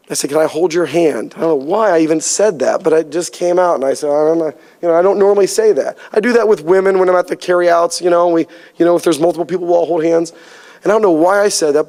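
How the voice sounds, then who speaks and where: A man with a slightly high voice gives a heartfelt testimony to a church group. He talks in an earnest, storytelling way, and his voice strains upward as he fights back tears. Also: a little mellow, big-room sound. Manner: earnest storytelling, voice rising and cracking with emotion. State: near tears. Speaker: church speaker sharing testimony.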